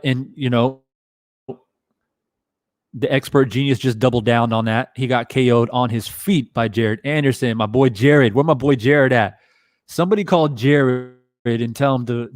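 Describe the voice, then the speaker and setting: A man with a mid-range voice hosts a live boxing stream, reading chat and talking casually with viewers while swearing freely. He's an animated talker with a measured pace. The studio-quality recording has no echo.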